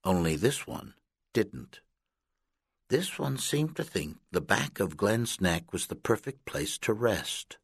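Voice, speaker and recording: A man narrating a children's audiobook in a deliberate, expressive storytelling manner, recorded close on a studio mic. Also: lowish voice, vocal fry, husky, no room sound.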